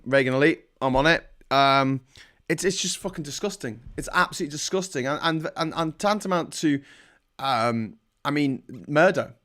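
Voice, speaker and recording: A man's voice: on the high side, moderate pace, a bit bright. A man hosts a live stream and rants about politics, swearing heavily and getting heated. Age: 40s. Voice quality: profane, heated. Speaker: livestream host. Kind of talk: angry political rant.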